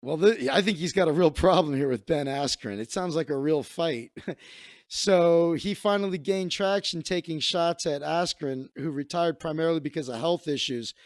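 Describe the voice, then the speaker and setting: A man's voice: a little high, no room sound, studio quality. A man hosting a comedy show, telling a rambling story in a casual monologue with asides and laughter. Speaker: comedian host.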